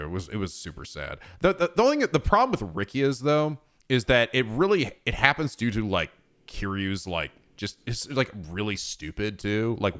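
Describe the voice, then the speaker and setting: Low-voiced rambling male streamer. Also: a bit bright. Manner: rambling, profane, many fillers and restarts. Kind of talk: casual chat on stream.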